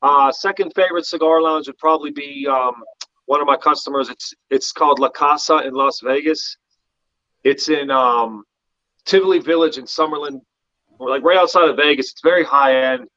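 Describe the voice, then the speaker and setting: A man from the Pittsburgh area who is a podcast guest, talking in a relaxed, rambling way and dropping "man" often. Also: a little high, normal speed, no echo, dull audio. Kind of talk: casual chat.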